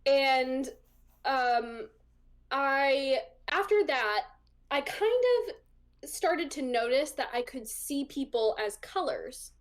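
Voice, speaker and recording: With a high voice and a slow pace, a young woman recounts a personal story as an interview-show guest. The chat is casual, peppered with ums and likes, and broken up by plenty of laughs.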